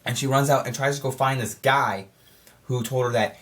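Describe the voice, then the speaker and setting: A man giving a casual spoiler review of a horror film, talking in an excitable, rambling way and often correcting himself mid-sentence. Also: mid-range voice, moderate pace.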